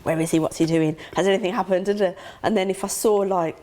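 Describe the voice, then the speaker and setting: A middle-aged woman talks openly and emotionally as an interview guest. She tells her memories quickly, acting out remembered conversations, and her voice jumps high when she gasps. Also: fairly even intonation, darkish tone. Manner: emotional, acts out quoted dialogue with sudden high gasps. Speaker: interview guest, grieving mother.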